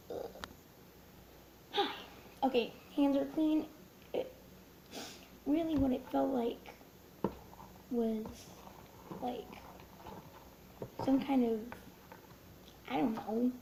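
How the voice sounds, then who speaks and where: High-voiced young woman, chatty slime vlog. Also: warm tone. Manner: chatty, nervous, drops into whispers. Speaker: vlogger. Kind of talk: casual slime-making vlog. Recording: echoey room with faint noise.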